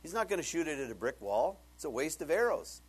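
A man preaching a sermon, retelling a conversation and then building to loud, emphatic preaching. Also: on the high side, very animated, quick pace, husky, poor audio.

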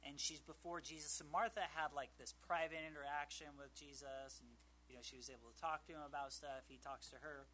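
A man's voice: fairly high pitch, steady tone, fairly quick, hardly any pauses, pushed and bright, slight background noise. A man giving a casual, conversational Bible teaching, full of fillers and joking asides.

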